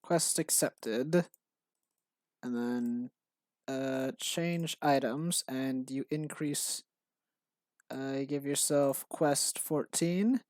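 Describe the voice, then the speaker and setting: A man's voice: medium pitch, extremely slow, a little mellow, no echo. Rambling man on a dry mic. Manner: rambling, self-interrupting, frequent fillers and restarts. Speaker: streamer and game developer. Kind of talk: casual live-stream commentary.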